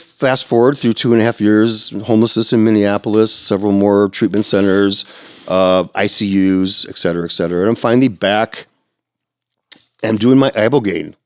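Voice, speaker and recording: A man telling his recovery story in a casual podcast chat, acting out sounds and quotes and jumping into a high, excited voice. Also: no echo, clean studio sound. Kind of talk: animated personal storytelling.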